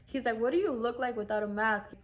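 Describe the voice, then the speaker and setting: Young woman rambling through a story, kinda high voice, says like a lot. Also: quick pace. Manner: chatty, acts out quoted voices, lots of "like". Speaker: vlogger. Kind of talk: casual storytelling.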